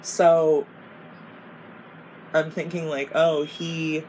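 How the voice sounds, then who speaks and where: Low-voiced woman venting, swearing a lot. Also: background noise. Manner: profane, exasperated and rambling, lots of "like". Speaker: beauty vlogger. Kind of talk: casual storytime chat.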